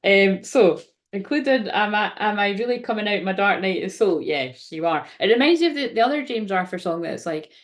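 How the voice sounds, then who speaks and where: A chatty woman hosts a live tarot reading, talking straight to her viewers. She rambles warmly between cards, laughs easily and drops the odd swear word. Her voice sits at an ordinary middle pitch for a woman. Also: lively intonation, normal speed. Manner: chatty, laughs often, swears casually, reads viewer comments aloud. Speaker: tarot card reader and livestream host. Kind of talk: casual live-stream card reading.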